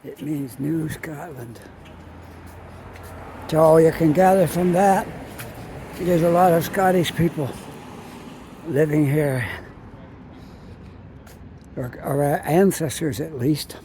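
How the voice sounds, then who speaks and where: A Canadian man walks through city streets holding his phone, chatting and rambling as he thinks out loud in a casual vlog narration, with street noise in the background. His voice is a little high and mellow, fairly even in intonation, and he speaks slowly with frequent pauses.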